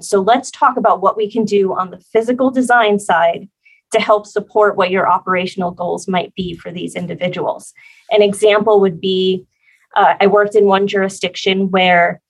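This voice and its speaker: Woman guest on a podcast, calm and explainy, mid pitch. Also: rough recording. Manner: measured, explanatory. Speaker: guest, justice facility planner. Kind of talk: podcast interview.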